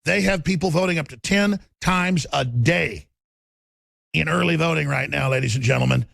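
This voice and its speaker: Brief: male talk host, forceful nonstop rant, high gravelly voice. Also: no echo. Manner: forceful, rapid, stammering restarts. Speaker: radio talk show host. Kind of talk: ranting political talk.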